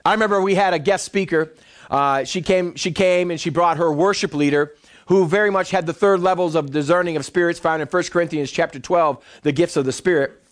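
A man's voice: on the high side, brisk. A male pastor preaching a sermon to his church congregation, acting out the voices of the people in his stories. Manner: animated storytelling preacher, acts out voices.

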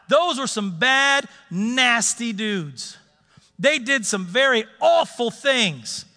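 Male pastor, high and bright, animated sermon delivery, echoey sanctuary. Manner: lively, urging the congregation to join in. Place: church sanctuary.

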